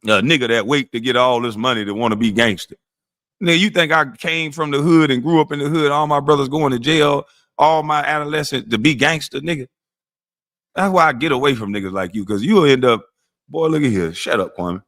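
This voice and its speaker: Man hosting a live stream, mid-pitched, profane and mocking, blunt delivery. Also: moderate pace, fairly bright tone. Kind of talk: ranting monologue on a live stream.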